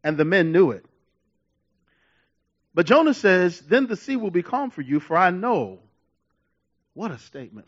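Guy pastor preaching, kinda high voice, laughs a lot, dull lo-fi sound. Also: measured pace, long pauses. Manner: animated preaching with laughs and repetitions. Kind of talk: sermon.

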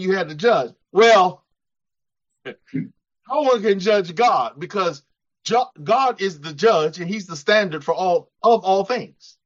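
A preacher man delivering an animated sermon, his pitch swinging up and down as he acts out voices. The recording sounds dull and lo-fi. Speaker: pastor.

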